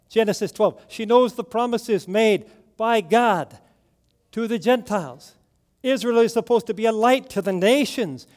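Guy preaching a sermon, kinda high voice, slow and dramatic, lots of questions to the crowd. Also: a little mellow. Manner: dramatic storytelling, rhetorical questions to the congregation.

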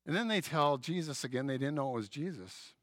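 Male pastor, sermon delivery, storyteller who acts out voices; slightly high, bright, dry close sound. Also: brisk, no room sound. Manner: lively storytelling, acting out quoted voices.

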